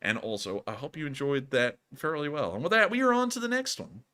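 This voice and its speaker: American guy hosting a stream, rambly, keeps restarting sentences, bright sharp voice. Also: fairly high pitch, fairly quick, clear, resonant tone. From United States. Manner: rambling, with frequent restarts and bursts of excitement. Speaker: livestream host. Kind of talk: casual livestream chat.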